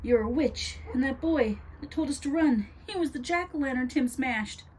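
A woman's voice: high voice, lively intonation, normal speed, darkish tone, a little hiss or hum, voice pushed up, poor audio. A woman voicing a bold, clever young girl who speaks urgently and accusingly.

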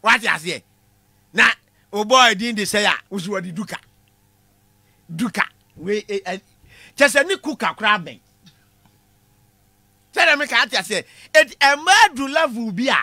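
Lecturing a class for comic effect, this man has a very high, sharply bright voice and a moderate pace with frequent pauses. He gets animated, yells his punchlines, and laughs at his own jokes; the recording is close and dry, with no room sound.

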